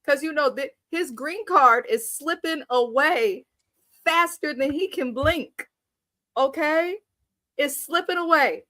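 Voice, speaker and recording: Animated, high-voiced woman recapping TV. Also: slow pace, no echo. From Kenya. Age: 30s. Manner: animated, laughing, blunt and profane storytelling. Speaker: show recap host. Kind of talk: live TV recap commentary.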